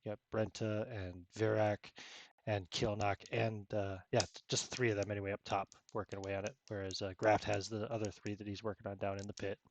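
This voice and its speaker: A man's voice: lowish voice, little pitch movement, fairly quick, a little hiss or hum. A man running a tabletop role-playing game, narrating in a casual, laid-back way and laughing often. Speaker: game master.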